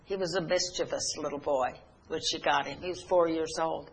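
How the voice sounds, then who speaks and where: A woman preaching a sermon, telling a story earnestly with halting pauses and restarts. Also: low voice, fairly even intonation, husky.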